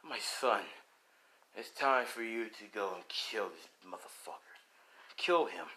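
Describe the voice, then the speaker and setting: A man's voice: animated, measured pace, low-quality recording. A man playing a menacing demon dragon king. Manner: low, quiet menace.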